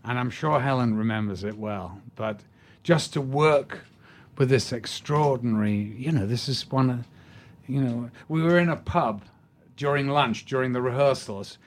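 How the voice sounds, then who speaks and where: An older man from England, a guest in an interview, spinning stories with lots of animation. His voice sits at a middling pitch and he talks in a relaxed, unhurried way. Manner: animated storyteller, acts out quotes. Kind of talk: anecdotal interview chat.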